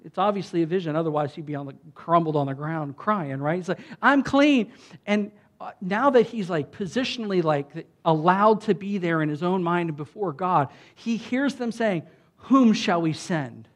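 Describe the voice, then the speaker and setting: High-voiced man preaching conversationally. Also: normal speed. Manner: conversational preaching with frequent "like" and "right?"; loud emphatic bursts when reading scripture. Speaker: pastor. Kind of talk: sermon.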